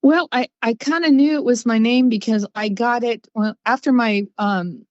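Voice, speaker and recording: An upbeat woman guest tells stories in a relaxed chat and laughs now and then. Her voice comes through slightly dull and lo-fi, and the recording is dry. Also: a little high, normal speed, dry recording. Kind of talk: casual storytelling.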